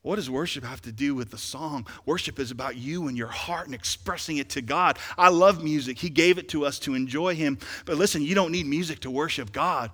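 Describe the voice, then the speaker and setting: A man preaching a sermon as pastor, animated and joking, swinging from quiet asides to shouted exhortation. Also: a little high, fairly quick, few pauses, in a large hall. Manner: joking, playful.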